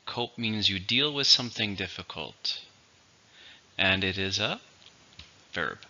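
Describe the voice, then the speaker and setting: A man teaching English vocabulary, explaining words slowly and clearly in a teacherly way. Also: sits low, sharp tone, lo-fi sound. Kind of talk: vocabulary lesson.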